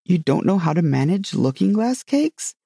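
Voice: mid-range voice, sing-song, normal speed, gravelly, dark tone, breathy edge, no echo, clean studio sound, full character voice. A narrator voicing a proud, dreamy male unicorn in a storybook reading, speaking carelessly and loftily. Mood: haughty. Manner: careless, lofty.

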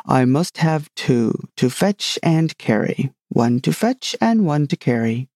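A fussy, fretful old king from a storybook, forever impatient and taking every word literally, as a man reads him aloud. The voice is gravelly with a dark, mellow tone, and the sound is close and dry. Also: medium pitch, measured pace, no echo. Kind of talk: storybook reading.

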